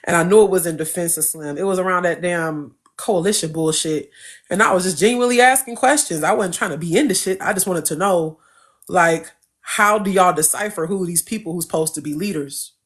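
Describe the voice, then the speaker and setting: A woman's voice: lowish voice, fairly quick. A woman hosting a casual chat, telling a story with mocking quoted voices. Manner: animated storytelling, mocking quotes, frequent laughter. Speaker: podcast host.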